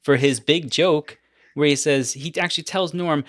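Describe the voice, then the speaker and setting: A man hosting a podcast in casual chat, telling stories with animated energy and frequent laughter. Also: fairly high pitch, normal speed, no echo, studio quality. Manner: animated storyteller, laughs often. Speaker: podcast host.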